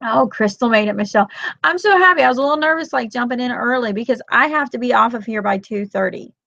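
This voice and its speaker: A middle-aged woman hosting a casual livestream chat, telling animated stories and greeting viewers by name. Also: a little high, quick pace, gravelly, dry recording, highs cut off. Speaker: homeschooling mom livestream host.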